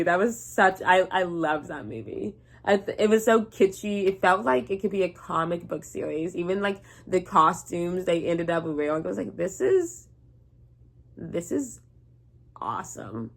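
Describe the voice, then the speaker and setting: A young woman vlogging casually, rambling and sleepy, swearing freely and breaking into laughs. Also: lowish voice. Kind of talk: casual rant to camera.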